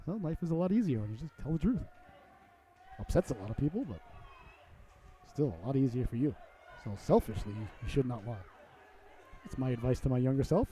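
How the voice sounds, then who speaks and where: A man in his late forties calling a youth hockey game play by play, switching between excited play calls and chatty, self-deprecating asides. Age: 40s. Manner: voice rises and speeds up on rushes, drops low for asides. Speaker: play-by-play announcer.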